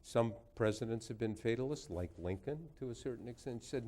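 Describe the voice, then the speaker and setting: A man in his sixties with a somewhat low voice tells anecdotes at a lecture. His humor is dry and wry. He builds each story patiently toward a punchline. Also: moderate pace, few pauses, a little mellow, a little hiss or hum. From United States. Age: 60s. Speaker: guest lecturer. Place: lecture hall before an audience.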